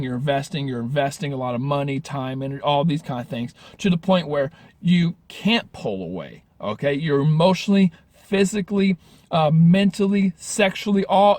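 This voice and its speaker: A man's voice: a little high, darkish tone, no echo. A man giving dating advice in a casual vlog, talking earnestly with frequent restarts and self-corrections. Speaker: dating coach.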